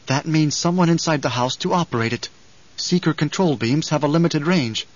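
A man reading as a calm, watchful young nobleman. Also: fairly high pitch, highs cut off, close to an everyday voice. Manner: matter-of-fact, measured.

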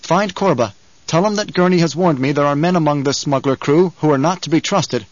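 A man voicing a young male desert war leader who speaks in a calm, measured, authoritative way. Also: fairly high pitch, no room sound, muffled recording, lightly acted. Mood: commanding.

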